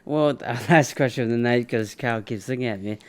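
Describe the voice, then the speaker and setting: A man's voice: mid-range voice, fairly quick. A man co-hosting a podcast interview, moving it along and reading the outro, laughing easily. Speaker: podcast co-host. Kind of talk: casual interview chat.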